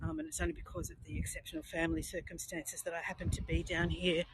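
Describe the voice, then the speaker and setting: An Australian woman guiding a live walking tour outdoors on a coastal headland, talking in a chatty, meandering, gentle way into a handheld phone. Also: lowish voice, level tone, fast, heavy background noise. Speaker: tour guide.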